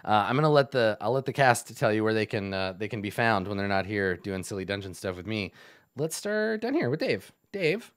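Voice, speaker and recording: A man narrating and hosting as dungeon master, telling the scene in a loose, animated way. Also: lowish voice, quick pace, few pauses, smooth. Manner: animated, laughing, loose storyteller. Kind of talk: narrating a tabletop game.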